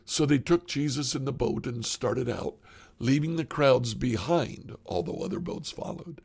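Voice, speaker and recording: A man reading a Bible passage aloud in a measured, plain way. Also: mid-range voice, creaky, darkish tone, slightly rough. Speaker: scripture reader.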